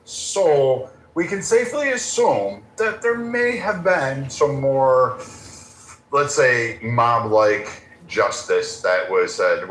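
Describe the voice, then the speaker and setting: A man's voice: medium pitch, animated, slow pace, fairly bright tone, reverberant, slight background noise, low-quality recording. A man in a heated stage debate, combative and mocking, swearing and throwing insults at his opponent. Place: stage with a panel.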